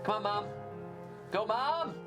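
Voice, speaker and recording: A man co-hosting a gaming livestream, playful and quick to exclaim. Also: sits high, animated. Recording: game stream with music behind.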